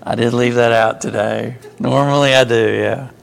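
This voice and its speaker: With a rough, gravelly voice at medium pitch, a man teaches a small Bible study in an easygoing, conversational way. He pauses often to put questions to the group.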